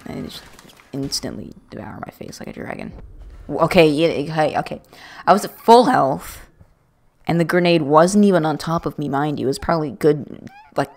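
A woman with a very low, gravelly voice rambling through let's-play commentary. Her pitch swings widely as she jokes at her own expense, recorded close on a USB desk mic. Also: darkish tone, a little hiss or hum. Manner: chatty, rambling, self-mocking jokes. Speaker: gaming video creator. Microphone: USB desk microphone.

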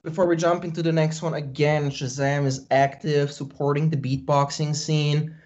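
A man's voice: a little high, level tone, moderate pace, a little mellow, muffled recording. A man co-hosting a beatbox reaction livestream, enthusiastic and thanking viewers often. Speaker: co-host of a beatbox reaction stream. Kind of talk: casual livestream chat.

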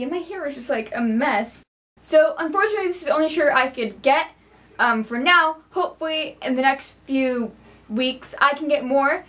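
A young woman with a high, bright-sounding voice records a casual review vlog at home. She is bubbly and chatty and speaks straight to her viewers, as if catching up with friends. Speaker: vlogger.

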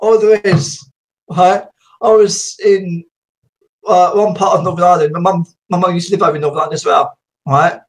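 High-pitched man, slightly croaky, rambling casual chat, laughs often. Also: steady tone, fairly quick. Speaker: host.

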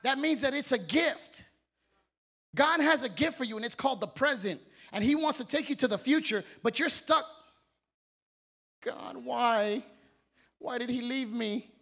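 Brief: energetic male preacher with a very high voice, firing questions at his church. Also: moderate pace. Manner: energetic, exhorting, calls out questions to the congregation. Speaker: pastor. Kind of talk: sermon. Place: church sanctuary.

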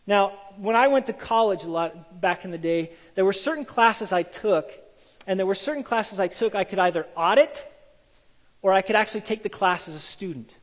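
A man's high-sitting voice fills a large hall at a normal speed. He's a pastor preaching a sermon, animatedly telling stories and voicing the people who appear in them.

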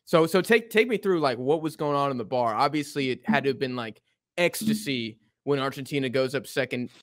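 A man co-hosts a casual podcast, talking in easy slang and pressing his partner with questions. His pitch is middling. The recording is dry with no room sound. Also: a little fast, no room sound. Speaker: podcast co-host.

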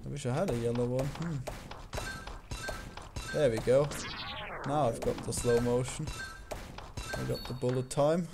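A man's voice: mid-range voice, fairly even intonation, a little slow, creaky, pauses often, music in the background. A man co-hosting a casual gameplay session, dry in manner, correcting his friend with mock exasperation. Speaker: gaming co-host.

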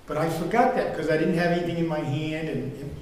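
A man's voice: on the high side, steady tone, quick pace, darkish tone. An older man preaching a sermon as pastor, telling stories in a rambling, conversational way with fillers. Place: church sanctuary. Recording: echoey hall from far off, faint ambience.

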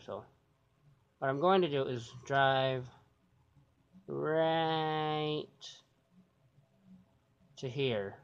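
A man giving loose, rambling gameplay commentary, cursing casually and thinking aloud. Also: medium pitch. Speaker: gaming YouTuber. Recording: dull lo-fi sound with clear noise.

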